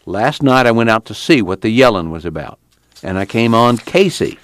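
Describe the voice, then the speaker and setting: A man's voice: on the low side, expressive, moderate pace, voice pushed up, natural voice. A man voicing a battered, weary young farmhand in hiding, with a drawl and a tense, urgent delivery. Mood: tense, confessing.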